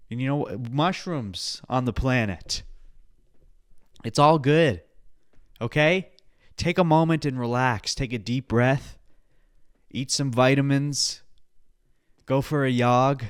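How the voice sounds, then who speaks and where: A man hosting his own podcast alone, rambling in a profane pep-talk style with sudden loud outbursts. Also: mid-range voice, animated, measured pace, long pauses, clean tone, no room sound, studio quality. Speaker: podcast host. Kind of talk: casual solo podcast chat.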